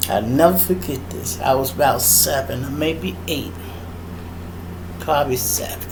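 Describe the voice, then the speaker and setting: A middle-aged man with a Chicago accent hosting a podcast, telling a story in an animated, profane monologue and acting out voices and sound effects. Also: medium pitch, measured pace, background noise. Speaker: podcast host.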